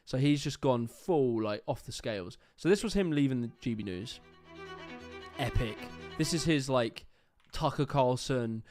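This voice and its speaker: A young man hosting a livestream, his voice sitting at an ordinary middle pitch. He rants in a loose, sarcastic, exasperated way and swears freely. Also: expressive, unhurried, a little mellow. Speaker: livestream host reacting to clips. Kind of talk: casual ranting commentary.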